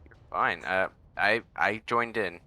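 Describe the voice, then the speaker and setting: Man, very deep voice, bright edge, halting casual gameplay chat. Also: no echo, soft background music. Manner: halting, full of fillers. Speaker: video game co-op player.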